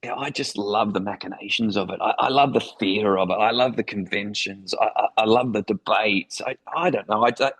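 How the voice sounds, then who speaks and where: A middle-aged Australian man, once a foreign correspondent, tells vivid anecdotes with enthusiasm in an interview. His voice sits fairly low and fairly bright, and he talks briskly with few pauses on a low-quality recording.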